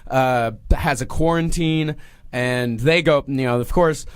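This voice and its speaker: A man's voice: mid-range voice, measured pace, clear, resonant tone, no room sound, clean studio sound. A man on a casual podcast, enthusiastically retelling a book with plenty of swearing. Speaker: podcast co-host.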